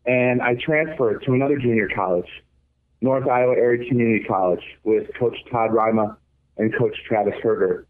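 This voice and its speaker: A man's voice: medium pitch, moderate pace. Young man, earnest reflective storyteller, interview guest, narrow phone-like sound. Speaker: guest, former college baseball pitcher. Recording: tinny phone-like line.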